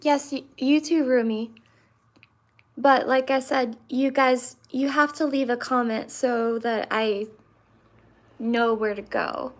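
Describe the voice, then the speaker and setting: A woman in her twenties hosting a livestream, chatting with viewers and answering them with many pauses and fillers. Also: fairly high pitch, steady tone. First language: English. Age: 20s. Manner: hesitant, many fillers and restarts. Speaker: livestream host.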